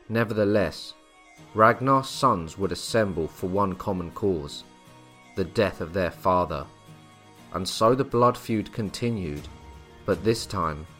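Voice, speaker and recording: A man with a lowish voice tells a historical story in a measured, scripted way. Soft music plays quietly behind him. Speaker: history narrator. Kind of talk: scripted narration.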